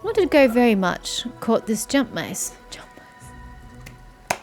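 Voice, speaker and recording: A woman voicing a timid little male kobold who speaks in halting, broken phrases. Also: on the high side, big pitch swings, music in the background.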